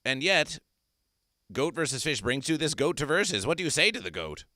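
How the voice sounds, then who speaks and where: A man's voice: on the high side, very animated, fairly quick, bright, forceful tone, dry recording, clean studio sound. A man hosting an absurdist comedy stream, making grandiose, repetitive, mock-solemn proclamations. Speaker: comedy performer. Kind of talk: absurdist livestream chat.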